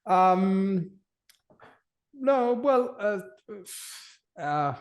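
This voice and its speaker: A man who speaks as an answers interview questions, his voice sitting fairly high. He talks slowly and haltingly, often repeating words as he searches for the next phrase. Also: expressive. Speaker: polar travel company guest.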